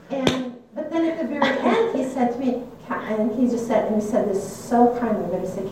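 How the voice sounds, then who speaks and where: A woman's voice: sits high, a little slow, a crowd in the background. An older woman telling a personal story in a reflective, candid way, often laughing at herself. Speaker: speaker sharing a personal story. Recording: echoey room, mic at a distance.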